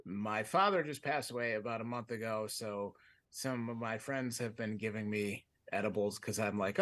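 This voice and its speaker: On a comedy podcast, an adult co-host with a fiance speaks at normal speed in a lowish, slightly bright voice. He tells a long story casually and ramblingly, often breaking off mid-sentence to laugh.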